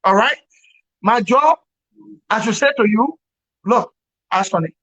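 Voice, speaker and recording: Man ranting about politics, sharp bright voice, repeats himself, remote call. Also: high voice, lively intonation, measured pace, pauses often. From Liberia. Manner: emphatic, repeats words, laughs wryly. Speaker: political commentator. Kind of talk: opinionated commentary on a talk show. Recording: dull lo-fi call audio.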